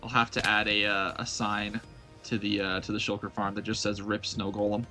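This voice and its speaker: A man's voice: fairly low pitch, level tone, moderate pace, bright, forceful tone, faint music behind. A young man streaming live gameplay, chatting playfully with his viewers and mocking his own blunders. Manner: playful, self-mocking, talks to chat.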